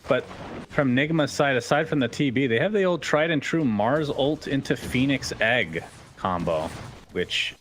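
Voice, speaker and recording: A man's voice: mid-range voice, lively intonation, a little slow, fairly bright tone, a little hiss or hum. A man doing live esports commentary, chatting with his co-caster and calling the action. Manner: conversational, asks co-caster questions. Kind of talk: casual live game commentary.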